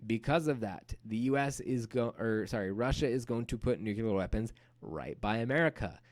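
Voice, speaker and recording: A man teaching a recorded history lecture in a casual, lively storytelling way. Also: medium pitch, moderate pace. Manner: casual, animated storytelling with playful acted-out quotes.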